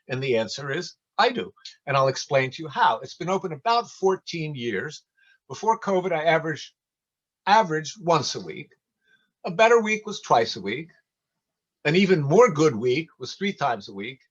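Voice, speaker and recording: A man's voice: mid-range voice, fairly bright tone, breathy edge, highs cut off. An older man telling rambling, folksy stories in a casual community talk over a video call.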